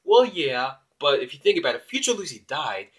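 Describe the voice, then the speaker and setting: A man voicing a quick reasoning young woman. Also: fairly high pitch, very animated, husky, exaggerated voice. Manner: rapid explanatory reasoning.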